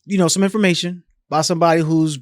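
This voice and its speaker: Brief: man, 30s, podcast guest, lively slangy storyteller, slightly high voice, dry close sound. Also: fast, no echo. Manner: animated, emphatic, slangy, acts out quoted voices. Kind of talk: storytelling in a casual interview.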